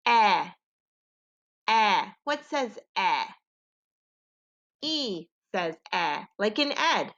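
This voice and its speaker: A woman's voice: medium pitch, big pitch swings, extremely slow, long pauses, a bit bright. A woman teacher giving a home phonics lesson to young children, in a patient call-and-repeat manner. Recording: dull lo-fi home recording.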